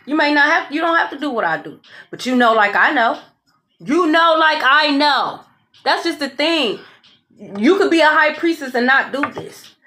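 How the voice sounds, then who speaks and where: Woman tarot reader, high voice, sassy and profane, faint hiss behind. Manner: blunt, profane, sassy and animated; repeats "okay?" often. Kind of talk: casual tarot reading.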